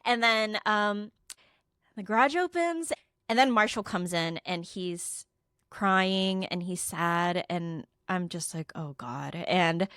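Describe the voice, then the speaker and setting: Animated woman telling a story, dry sound. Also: medium pitch, slow, clean tone, no echo. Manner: animated, swearing, acting out quotes. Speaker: podcast co-host. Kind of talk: casual storytelling chat.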